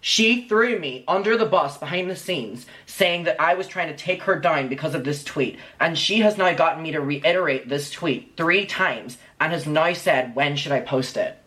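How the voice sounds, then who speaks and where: A man with a slightly higher voice tells his own story earnestly. He reads old messages aloud, one after another. He sounds sincere and personal. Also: normal speed, few pauses, pushed and bright. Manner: earnest retelling, reading out messages. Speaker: former fan recounting events. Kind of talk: recorded personal account played in clip.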